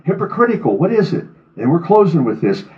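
A man's voice: a little high, big pitch swings, brisk, highs cut off. A man preaching a sermon, reading scripture aloud with rising fervor and then speaking plainly to his congregation. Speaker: pastor.

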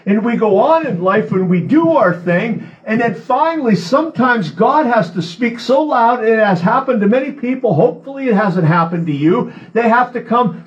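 A man's voice: very high voice, dull audio. A man preaching a sermon from a church podium, earnest and repeating key phrases for emphasis. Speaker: pastor.

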